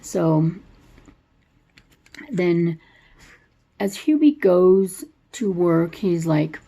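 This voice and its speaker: Gravelly-voiced woman rambling through a story. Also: on the low side, animated, extremely slow, mellow. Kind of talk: casual movie plot retelling.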